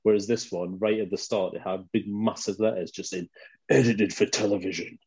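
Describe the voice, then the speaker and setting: A man with a low, mellow voice rambles through a casual story. His mic sounds dull and lo-fi, with a dry, close sound. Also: steady tone, fairly quick, husky, dry recording. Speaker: podcast co-host. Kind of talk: casual chat.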